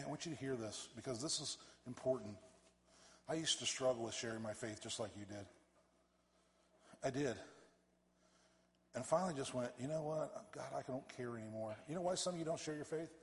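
A man, a pastor, preaching a fervent sermon that swells to loud emphatic peaks and drops back low. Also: slight background noise. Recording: reverberant church hall.

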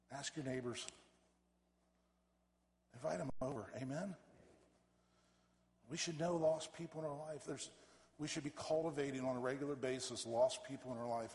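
A man, a pastor, preaching a fervent sermon that swells to loud emphatic peaks and drops back low. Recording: reverberant church hall.

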